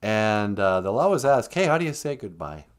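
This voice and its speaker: A man voicing a chatty, teasing old Ojibwe grandmother with a Minnesotan accent, hosting a comedic live stream in a sing-song drawl. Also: big pitch swings. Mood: earnest. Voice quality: sing-song, swooping pitch, slow drawl.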